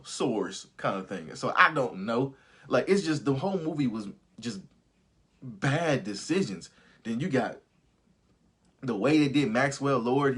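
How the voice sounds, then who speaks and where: A man's voice: fairly high pitch, slightly rough. A young man hosting a live movie review, ranting casually with lots of swearing and laughter. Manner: profane, animated, laughs often. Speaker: host of a live review stream.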